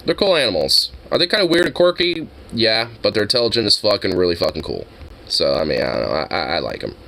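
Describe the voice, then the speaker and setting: Bright-voiced, profane young streamer guy. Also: lowish voice, expressive, quick pace, vocal fry. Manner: rambling, profane, laughs often. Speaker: livestream host. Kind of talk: casual stream chat.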